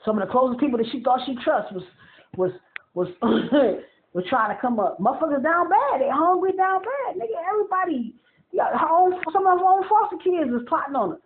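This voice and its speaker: High-voiced man ranting over tinny audio. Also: expressive, brisk, slight background noise. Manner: profane, rambling, repeats himself, laughs often. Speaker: vlogger. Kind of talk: casual monologue rant.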